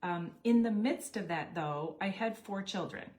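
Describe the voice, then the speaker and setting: A woman's voice: medium pitch, a little slow. Middle-aged woman telling her story, casual and chatty, acts out the dialogue. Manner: animated, acts out dialogue with quoted voices. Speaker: network marketing storyteller.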